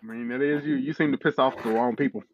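A man's voice: mid-range voice, steady tone, fast talker, crowd noise. A young man co-hosting a casual podcast chat, telling stories in a laid-back, teasing way and swearing often. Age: young adult. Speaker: podcast co-host. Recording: dry, dull lo-fi sound.

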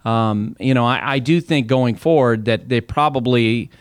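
Smooth-voiced man chatting about baseball. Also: mid-range voice, moderate pace, dry recording, clean studio sound. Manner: conversational, storytelling with restarts and laughs. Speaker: baseball analyst. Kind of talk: casual podcast chat.

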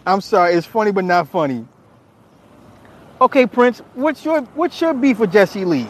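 Man streamer, casual reaction chat, slightly high voice, swears a lot, laughs often, keeps restarting his sentences. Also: big pitch swings, normal speed. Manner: frequent restarts and repeated words. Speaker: streamer reacting to viewer comments. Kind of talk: casual livestream commentary.

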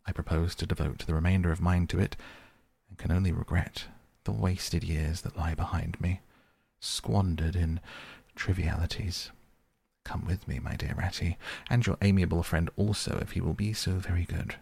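A man voicing a boastful, excitable male toad in a soft bedtime audiobook reading, with a pompous, coaxing manner. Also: deep voice, normal speed, creaky, husky, heavily acted.

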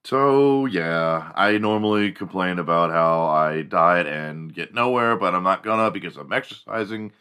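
A man hosting a podcast, telling a casual comedic monologue in a profane, animated way. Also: low voice, measured pace, hardly any pauses, clean tone. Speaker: podcast host.

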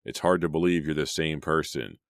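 A smooth, secretive young man, calm and measured, from a storybook reading, given by a man in his own very deep voice. The delivery stays low and even. The recording is dry and close. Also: dry recording. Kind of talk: audiobook character reading.

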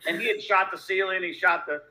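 A man from Louisiana, a bartender guest telling profane, animated stories in a casual interview. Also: sits high, brisk, low-quality recording. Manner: profane, animated, laid-back. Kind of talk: casual storytelling.

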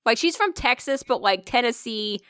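Bright, animated woman in casual chat. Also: a little high, clear, resonant tone, dry recording, studio quality. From Northern Virginia area. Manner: animated, swears freely, quick tangents. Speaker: podcast co-host.

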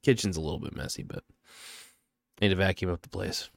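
A man with a low voice rambles offhandedly through a solo vlog monologue. His talk drifts from thought to thought without much shape. The sound is dry and close, with no room around it. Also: fairly quick, vocal fry, no room sound. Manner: aimless, offhand musing.

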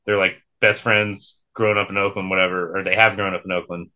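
A man's voice: low-pitched, little pitch movement, brisk, sharp tone, muffled recording. A young man co-hosting a casual podcast, laid-back, swearing freely and laughing often. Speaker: podcast co-host.

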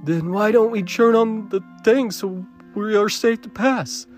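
A man's voice: high-pitched, measured pace, faint music behind, pitched above the performer's own voice. A man doing a nervous young man. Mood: anxious.

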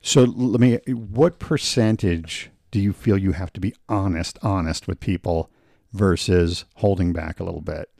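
A man co-hosting a podcast in casual chat, steering the talk with questions and quick agreement. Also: low voice, creaky, warm tone, dry recording, studio quality. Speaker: podcast co-host.

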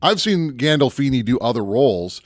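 A man's voice: mid-range voice, big pitch swings, normal speed, dry recording, clean studio sound. A man co-hosting a casual movie chat show, rambling and musing aloud, often breaking off mid-thought. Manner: rambling, musing, self-interrupting. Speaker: podcast co-host.

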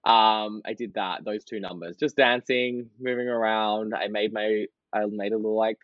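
A man, chatting as a podcast guest, full of fillers and quick laughs. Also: lowish voice, level tone, no room sound, dull audio. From Australia. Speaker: podcast guest, drag performer. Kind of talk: casual interview chat.

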